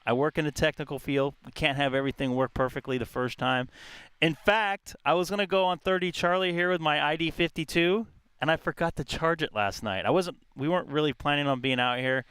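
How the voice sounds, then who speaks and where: A man's voice: on the high side, fairly quick, a bit bright, smooth, dry recording. A man chatting casually and rambling outdoors in a park during a ham radio live stream, with plenty of fillers. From California.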